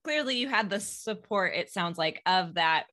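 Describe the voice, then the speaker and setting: Bright-voiced woman interviewer. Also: fairly low pitch, expressive, moderate pace. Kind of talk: interview questions.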